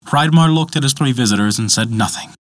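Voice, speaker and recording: A man narrating a myth as a storyteller, with expressive, dramatic delivery. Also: mid-range voice, fairly quick, no room sound.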